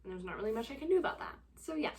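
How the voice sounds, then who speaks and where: A woman's voice: fairly high pitch, big pitch swings, racing, background noise. A young woman chatting casually in a reading vlog. She talks in an exasperated, rambling way, full of fillers and dramatic sighs. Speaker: book vlogger.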